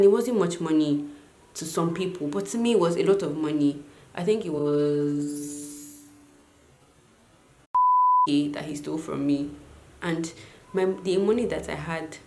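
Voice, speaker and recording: Young girl doing a storytime vlog, low voice, lots of "like", echoey room. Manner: animated, lots of filler "like". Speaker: vlogger.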